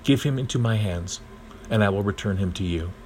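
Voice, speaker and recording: A man's voice: lowish voice, brisk, darkish tone, slight background noise, lightly acted. A man voicing a reproachful eldest brother, earnest and insistent in a storybook reading.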